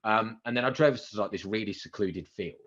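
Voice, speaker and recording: A man in his thirties, a radio presenter, telling animated stories as a podcast guest and acting out the quotes. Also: fairly low pitch, a little fast, husky, dull audio. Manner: animated anecdotes with acted-out quotes and excited outbursts. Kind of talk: casual interview storytelling.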